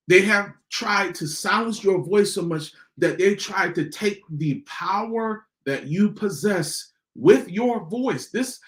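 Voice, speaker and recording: Slow, emphatic man in an echoey room. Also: high-pitched, a bit bright. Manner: repeats key lines slowly for emphasis. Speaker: podcast host. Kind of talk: motivational podcast talk.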